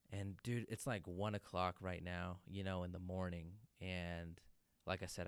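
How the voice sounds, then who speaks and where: A man's voice: low-pitched, clean tone, no echo. A man casually telling a personal story, loose and profane, peppering his talk with "dude" and "man".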